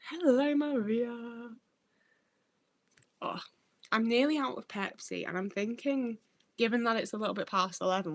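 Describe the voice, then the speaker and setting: A woman chatting casually on a livestream while she reads comments and thanks viewers. Her talk is loose and rambling, full of swearing and restarts, and her voice sits at an ordinary middle pitch. It sounds close and dry, with no room echo. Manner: rambling, swears freely, stumbles over words. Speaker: livestreamer reading chat.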